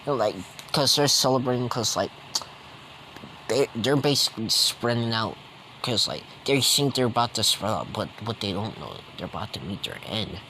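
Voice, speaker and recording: A man's voice: fairly low pitch, lively intonation, moderate pace, bright, forceful tone, a little hiss or hum, poor audio. Rambling, slangy young man. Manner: rambling and slangy, many fillers. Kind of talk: casual retelling of a fan story.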